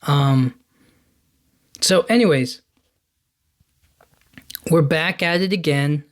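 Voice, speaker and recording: A man hosting a podcast, casually retelling a film's plot in a rambling, enthusiastic way, slipping into quick quoted lines. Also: on the high side. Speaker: podcast host. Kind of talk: casual movie recap.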